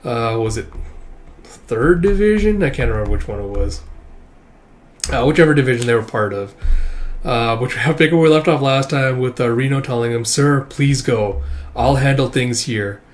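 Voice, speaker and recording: The host of a manga reaction channel reads loosely through a comic chapter in a mid-pitched voice. Relaxed and unhurried, he stumbles along with frequent "uh" fillers and breaks into small chuckles as he comments casually.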